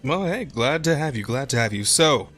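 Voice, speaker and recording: A man's voice: medium pitch, expressive, normal speed, a bit bright, faint music behind. A man hosting a casual podcast, joking, laughing often and stumbling over words. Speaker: podcast host.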